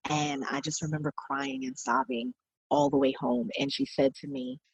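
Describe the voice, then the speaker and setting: Low husky woman in her forties. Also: sing-song, normal speed, dry recording. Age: 40s. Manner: earnest, reflective, quoting others as she recounts. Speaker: podcast guest. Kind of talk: personal storytelling in an interview.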